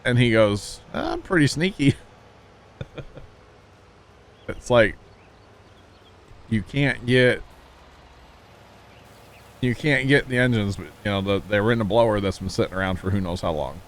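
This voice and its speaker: A man's voice: fairly low pitch, moderate pace, long pauses, a little hiss or hum. A man casually chatting with his viewers while streaming a farming game, rambling through folksy stories and asides. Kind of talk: casual livestream chat while playing.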